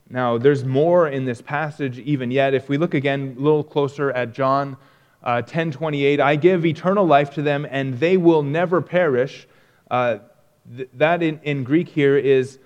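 An earnest man giving a recorded theology lecture at a desk mic, his voice sitting a little high. He reads long quotations and stresses key words emphatically, often restarting phrases as he explains. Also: lo-fi sound. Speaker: theology teacher. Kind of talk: lecture reading and explaining quoted texts.

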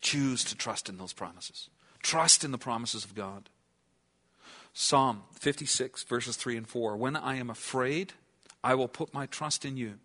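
A man preaching a sermon in an earnest tone, asking his listeners questions and at times dropping to a hushed, near-whispered delivery. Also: medium pitch, measured pace. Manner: earnest, asks the listeners questions, then drops to a hush. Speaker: pastor.

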